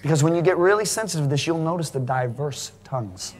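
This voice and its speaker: A man preaching a sermon to a congregation, emphatic and rising to near shouting at high points. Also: expressive, quick pace. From United States. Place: large church hall. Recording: live sermon in a reverberant hall.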